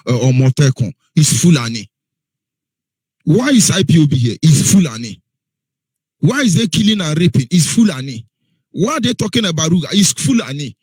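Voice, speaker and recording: A man's voice: on the high side, a little mellow, husky, no echo. A man presenting on radio, driving his points home with repeated rhetorical questions that he answers himself. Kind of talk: impassioned radio talk.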